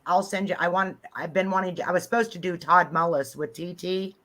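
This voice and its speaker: Low-voiced chatty woman guest. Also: brisk. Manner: chatty, laughs along, speeds up when excited. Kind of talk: casual chat.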